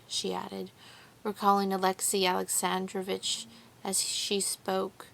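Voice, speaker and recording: A woman narrating a classic novel as an audiobook, reading in a measured, deliberate way. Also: medium pitch, creaky, a bit bright. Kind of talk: scripted narration.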